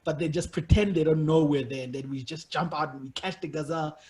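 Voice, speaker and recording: A male podcast host with a high, husky voice. He talks in casual bursts and often stops and restarts his sentences as he tells a story. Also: quick pace, a little mellow. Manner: storytelling with many restarts and repeated words. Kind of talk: casual interview chat.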